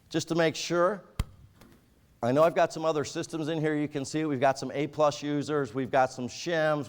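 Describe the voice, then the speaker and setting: A man with a rural Michigan accent leads a training class and talks straight to the room. His delivery is casual and joking, and his voice is smooth and clear, sitting at a middle pitch. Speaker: software trainer.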